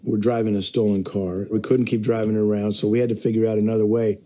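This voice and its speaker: A man's voice: fairly low pitch, fast talker. A man telling a tense story in a documentary interview, quoting what people said. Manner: animated retelling with quoted voices. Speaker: interviewee recounting events.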